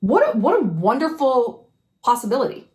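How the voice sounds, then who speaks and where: A woman's voice: fairly high pitch, sing-song, normal speed, a little mellow. A woman giving frank advice in a casual monologue to camera, swearing freely and firing rhetorical questions. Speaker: advice vlogger. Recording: echoey room.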